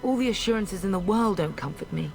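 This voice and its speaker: A woman's voice: mid-range voice, lively intonation, a little fast, vocal fry, over music. An actress playing a proud, caring noble mother in a video game, speaking formally and firmly. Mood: earnest. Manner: dignified, formal speech. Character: proud noble mother, middle-aged, caring but firm.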